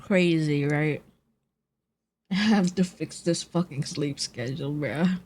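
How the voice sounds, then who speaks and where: A young woman's low, husky, slightly mellow voice comes slow and groggy, since she's just woken up. On a casual live stream she chats with viewers while eating, relaxed, laughing often and swearing freely.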